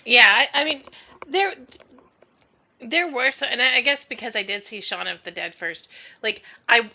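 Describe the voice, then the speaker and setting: A woman's voice: fairly high pitch, moderate pace, sharp tone. A woman in a casual film discussion, hesitant at first and giggly.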